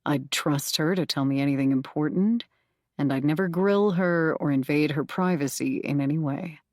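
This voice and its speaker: Woman voicing a gruff, weary uncle. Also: low voice, normal speed, a little mellow, no echo, studio quality, lightly acted. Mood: explaining. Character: gruff tired man, protective uncle. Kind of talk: audiobook character voice.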